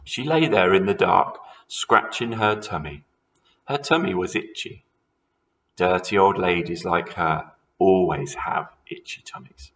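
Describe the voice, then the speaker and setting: A man's voice: sits low, measured pace, fairly bright tone, low-quality recording. A man who teaches primary school, reading a children's story aloud expressively and talking to his pupils.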